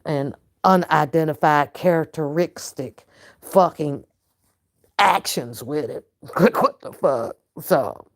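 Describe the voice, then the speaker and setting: A woman's voice: low-pitched, darkish tone. A woman ranting straight at her viewers in a casual vlog, profane and often laughing. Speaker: reaction vlogger. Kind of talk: casual to-camera rant.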